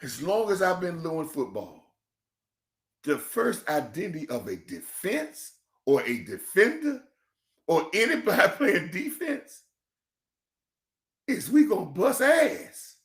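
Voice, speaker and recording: A man in a passionate, preachy football rant, swinging between shouting and quiet emotion, calling his listeners "church". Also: high voice, wildly swooping pitch, slow, pauses often. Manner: preachy, emphatic, calls audience "church". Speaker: football commentator. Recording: echoey room.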